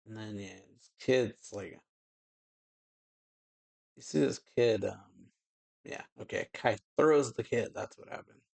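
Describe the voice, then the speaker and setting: A man's voice: fairly low pitch, takes it slowly, creaky, long pauses, darkish tone. A man hosting a reaction video, casually reading out a comic chapter and rambling with fillers. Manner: loose, rambling, many fillers like "yeah" and "like". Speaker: anime reaction host.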